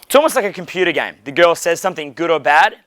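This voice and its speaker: A blunt, animated man coaching on dating, swearing freely in a somewhat high voice. The sound is dry and close, with no room echo. He talks loosely and directly, as if to a friend. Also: fast. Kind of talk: casual coaching monologue. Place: hotel.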